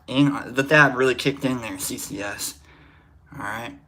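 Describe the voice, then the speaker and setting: A man's voice: mid-range voice, a little slow, bright, forceful tone. A man hosting a casual livestream, rambling and joking while greeting viewers by name. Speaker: livestream host.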